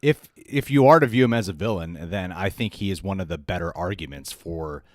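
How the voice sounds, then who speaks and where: A man co-hosting a casual spoiler review, talking in an animated, chatty way and often restarting mid-thought. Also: deep voice, brisk, no echo, studio quality. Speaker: film review show co-host.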